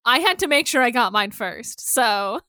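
Podcast co-host, a woman with a high, bright voice, jokey and quick, recorded close with no room sound. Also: animated, clean tone, dry recording. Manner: playful, jokey, quick asides and laughter. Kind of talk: casual chat.

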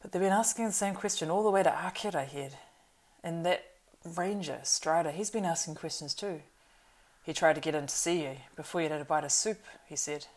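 A woman voicing a nervous, talkative male innkeeper in an audiobook reading, in a loud, rambling, flustered way. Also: low-pitched, a little fast, natural voice. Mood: gossiping.

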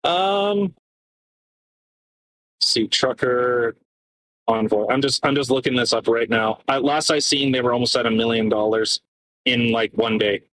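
Sarcastic, swearing man, bright voice. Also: mid-range voice, a little hiss or hum, low-quality recording. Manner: sarcastic, swears often, reads charges aloud haltingly. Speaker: podcast co-host. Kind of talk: casual podcast rant.

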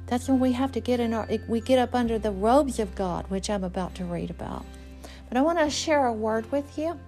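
A woman's voice: on the high side, a little mellow. A woman giving an earnest, folksy devotional talk and reading scripture aloud, with many fillers. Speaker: preacher.

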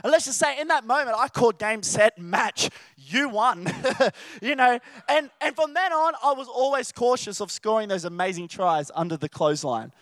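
A man preaching, his voice pitched very high and bright with a forceful ring. He tells stories in an animated way and drops into playful acted-out voices. The sound is dry and close. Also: moderate pace, dry recording. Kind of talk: sermon.

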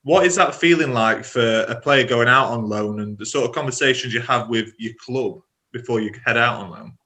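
A man hosting a casual interview podcast, asking relaxed questions of his guest. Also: medium pitch, moderate pace. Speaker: podcast host.

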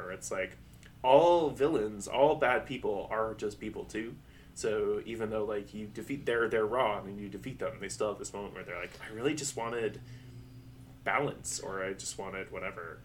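A man co-hosts a podcast in casual chat, rambling and laughing often as he acts out quotes. His voice is on the low side with a fairly bright tone, he speaks at a moderate pace, and there's a little hiss or hum.

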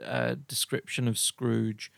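A man hosts an interview podcast and chats with enthusiasm. His voice is gravelly, with lots of fry, and the sound is dry and close. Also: on the low side, big pitch swings, takes it slowly, no echo. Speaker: podcast host. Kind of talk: casual interview chat.

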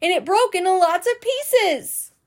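Mom reading as a peppy little kindergarten girl, high and chirpy, breathless childish chatter, storybook voice. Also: expressive, a little slow. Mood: worried. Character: spirited little kindergarten girl, blurting and eager. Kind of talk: reading a children's book aloud.

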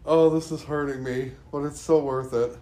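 A man's voice: on the high side, steady tone, moderate pace, darkish tone. A man hosting a casual reaction chat, laid-back and teasing. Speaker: podcast host. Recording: roomy with faint background noise.

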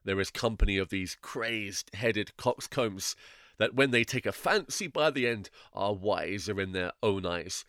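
A man's voice: lowish voice, unhurried, fairly bright tone, no echo, studio quality. A man reading as a scornful stubborn neighbour. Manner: mocking, dismissive.

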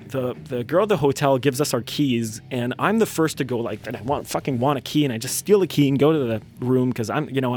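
A man in his twenties, hosting a podcast, telling a rambling, profane, self-mocking story in casual chat. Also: medium pitch. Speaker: podcast host.

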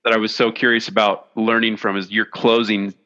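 A male host chats casually with his guest over a remote call. His voice is bright and forceful but comes through dull and lo-fi, and he fills pauses with "uh-huh" and "man". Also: lowish voice, flat delivery. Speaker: podcast host. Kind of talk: remote podcast interview. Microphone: video call.

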